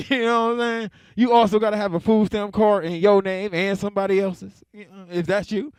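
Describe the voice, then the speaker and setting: A man's voice: high voice, level tone, clear, resonant tone, no room sound. Laid-back man doing stand-up, dry sound. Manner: laid-back, chuckles between jokes, drawn-out punchlines. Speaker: stand-up comedian. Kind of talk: stand-up comedy set.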